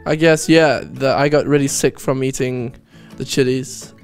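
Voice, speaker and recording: A man's voice: mid-range voice, steady tone, normal speed, faint music behind. A young man chatting casually in an interview, easygoing and rambling. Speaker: YouTuber guest. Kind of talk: casual chat.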